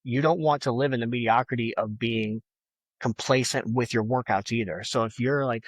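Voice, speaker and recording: A fitness and bodybuilding figure guests on a podcast in casual interview talk, speaking emphatically and motivationally with plenty of "like" and "you know". His voice is mid-range at normal speed, with no room sound.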